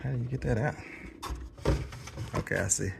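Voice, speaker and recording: A man's voice: mid-range voice, normal speed, vocal fry, very noisy. Easygoing southern man vlogging at home. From Mississippi, US. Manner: relaxed, chuckling, repeats words. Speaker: vlogger, father. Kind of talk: casual home vlog. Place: indoors at home, kitchen.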